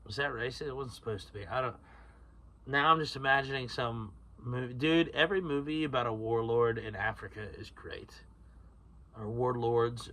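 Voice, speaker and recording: A man with a mid-range voice and a sharp tone hosts a solo podcast. He rambles through tangents, swears freely and laughs at himself.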